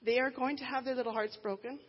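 A woman in her thirties, a pastor, preaching a sermon in an earnest, emphatic way with deliberate pauses. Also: sits high, fairly even intonation, breathy edge. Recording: dull sound with long hall reverb.

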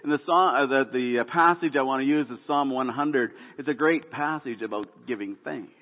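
A man gives a sermon in a folksy, joke-telling way, often stumbling into fillers and restarts. His voice sits at an ordinary middle pitch. It comes through a tinny, phone-like line with a long hall echo behind it. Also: brisk. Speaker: pastor.

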